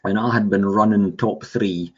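Low-voiced man, rambling. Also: steady tone, normal speed, breathy edge. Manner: rambling, with many fillers and restarts. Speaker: guest. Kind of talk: casual storytelling. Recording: dull lo-fi sound.

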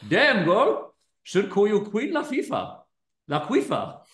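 A man voicing a brash, crude young man who keeps cracking jokes, in a loud, laughing delivery. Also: sits high, wildly swooping pitch, slow, echoey room, pitched above the performer's own voice, heavily acted. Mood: crude joking.

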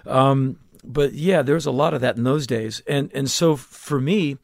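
A man's voice: medium pitch, a little slow, vocal fry, no echo, clean studio sound. A man in his fifties, a musician guest in a garage interview, telling stories bluntly and intensely with frequent restarts. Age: 50s. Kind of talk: casual interview conversation. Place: garage home studio.

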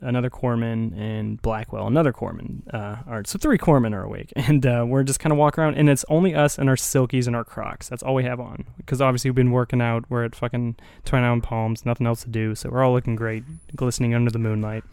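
A man's voice: mid-range voice, fairly even intonation, quick pace, gravelly, hardly any pauses, darkish tone, smooth, dry recording, clean studio sound. A young man hosting a casual chat, telling a story in a laid-back way, laughing often and swearing casually. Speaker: podcast host.

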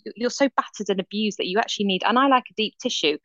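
A middle-aged woman, co-hosting a casual chat and telling stories with lively quoted voices. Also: medium pitch, racing, no echo, lo-fi sound. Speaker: podcast co-host.

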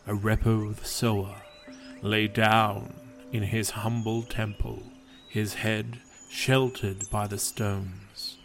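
A man reads a story in a calm, solemn, measured voice. His pitch sits low and his pace is very slow. Faint birdsong and insects hum behind him. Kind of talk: scripted story narration.

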